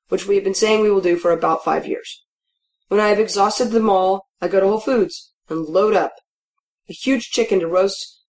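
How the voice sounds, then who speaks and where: Wry woman reading a first-person story. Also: medium pitch. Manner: wry, matter-of-fact, dryly humorous. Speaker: audiobook narrator. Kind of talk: first-person literary narration.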